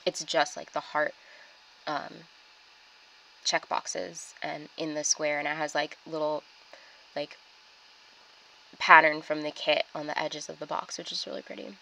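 A woman's voice: sits low, little pitch movement, unhurried, creaky, long pauses, pushed and bright, slight background noise, low-quality recording. A young woman chatting casually through her weekly planner spread, with lots of ums and likes. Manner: chatty, filler-heavy, with many ums and likes. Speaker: planner vlogger. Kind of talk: casual plan-with-me narration.

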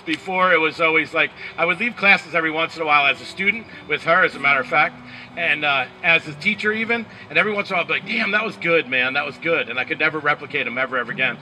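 A man's voice: fairly high pitch, sharp tone, slight background noise, poor audio. A man from the Bronx, a laid-back, joking yoga teacher welcoming a class in his backyard. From the Bronx, New York. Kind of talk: casual class introduction. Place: backyard, outdoors.

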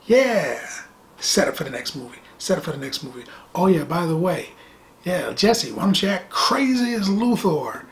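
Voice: medium pitch, big pitch swings, normal speed, slight background noise. A middle-aged movie reviewer talking casually and animatedly, with sarcastic asides and phrases repeated for effect.

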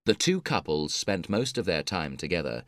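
Deep guy reading a story for english learners, steady, dry sound. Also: no echo. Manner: measured, clear reading. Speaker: narrator.

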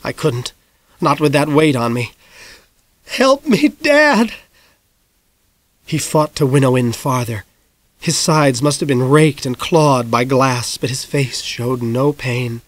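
A man narrating a novel as an audiobook in measured, grave storytelling, dropping soft at the darkest moments. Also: medium pitch, steady tone, no room sound.

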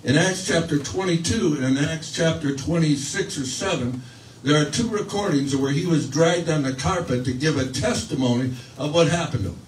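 Pastor guy telling a bible story, chatty with lots of uhs, kinda high voice, faint hum behind, sounds far from the mic. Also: normal speed, reverberant. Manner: storytelling preacher, acts out quoted voices with rising pitch; restarts and fillers, conversational. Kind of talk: sermon.

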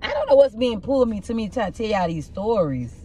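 Rough-voiced woman telling blunt stories. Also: mid-range voice, a little fast. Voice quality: rough, husky voice. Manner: blunt, profane, animated storytelling. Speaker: tarot reader. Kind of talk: casual tarot reading with storytelling.

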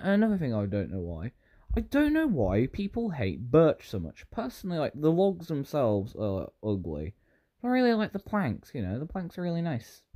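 Here a British man gives meandering, self-interrupting commentary over Minecraft gameplay for his YouTube channel. He speaks at medium pitch with a dark tone.

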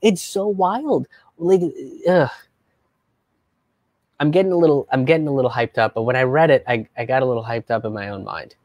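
A man's voice: mid-range voice, normal speed, no echo. Young guy comedian ranting on a livestream, swears a lot, does mocking voices, dry close sound. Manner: animated, profane, mocking put-on voices. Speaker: comedian hosting a live stream. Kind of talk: casual livestream commentary.

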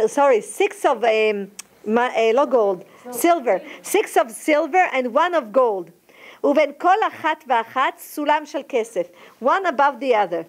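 A woman teaching a Torah lesson, quickly reading the text aloud and then retelling it slowly in her own words, often stopping to correct herself. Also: high-pitched. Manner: alternates rapid Hebrew reading with slower English retelling, frequent restarts.

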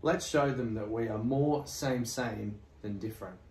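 A man's voice: medium pitch, unhurried, darkish tone, roomy sound, natural voice. A man voicing a glum, sulky young male snake in a read-aloud children's story. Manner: glum, groaning.

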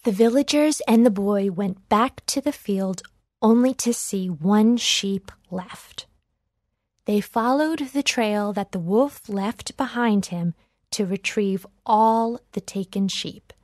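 A woman narrating a children's read-along storybook in a clear, expressive way, recorded on a close mic. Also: medium pitch, takes it slowly, no room sound.

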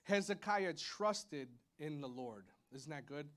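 A man's voice: animated, slow, fairly bright tone. A man preaching a casual, playful sermon to a church congregation, chatty and full of "y'all" and "like", with a church sanctuary around him. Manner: chatty and playful, lots of "y'all" and "like", with high playful sound effects. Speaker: pastor.

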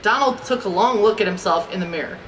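A woman reading a children's storybook aloud in an expressive, amused manner. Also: medium pitch, quick pace. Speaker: storybook reader. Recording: distant mic with background noise.

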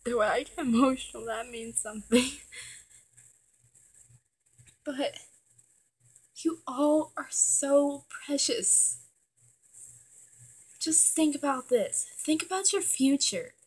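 Teen girl talking slow into her webcam, earnest and emotional, cusses when riled up. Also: sits high, darkish tone, rough recording. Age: teens. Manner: heartfelt, emotional, swears when worked up. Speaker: vlogger. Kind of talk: earnest direct-to-camera pep talk.

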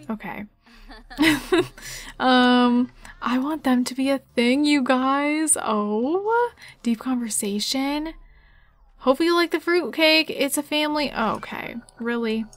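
A woman's voice: high-pitched, a bit bright. A woman casually commentating her life-simulation game, chatty and giggly, talking straight to her viewers. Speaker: gaming YouTuber.

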